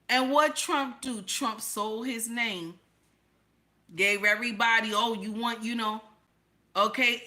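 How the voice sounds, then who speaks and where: A woman live-streamer talks slowly and deliberately in a fairly high, bright voice. She hammers her points with repetition and rhetorical questions and calls her audience baby and honey. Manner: emphatic, repeats herself, fires rhetorical questions. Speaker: live-stream host reading viewer comments. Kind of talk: opinionated live-stream commentary.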